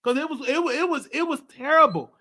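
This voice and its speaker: Extremely high-pitched, brisk, bright and forceful, a Southern-accented man runs his own livestream talk show. In this monologue he vents openly about his family, restarting again and again.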